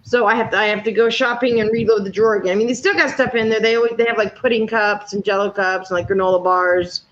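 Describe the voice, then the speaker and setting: A woman's voice: medium pitch, steady tone, quick pace, a bit bright. A woman in her fifties chatting casually, telling blunt stories with plenty of swearing. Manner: blunt, profane storyteller. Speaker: panel speaker. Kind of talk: casual chat. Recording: dull lo-fi audio.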